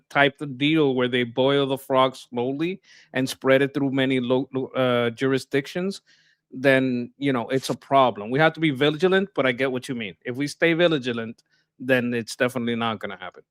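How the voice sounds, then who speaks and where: A man's voice: mid-range voice, dry recording, studio quality. A man co-hosting a political livestream, explaining his views bluntly in casual chat, often stumbling and restarting. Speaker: co-host.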